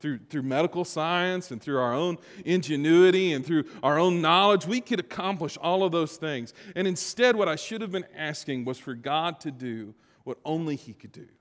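A man preaching a conversational sermon, moving between quiet reflective passages and louder emphatic stretches. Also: a little high, expressive, normal speed, few pauses. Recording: long hall reverb.

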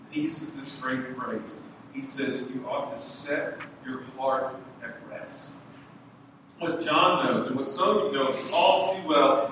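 A man's voice: medium pitch, slow pace, fairly bright tone, a little hiss or hum. A man preaching an earnest sermon as pastor, his intensity rising as he goes. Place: church sanctuary. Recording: echoey church hall from far off.

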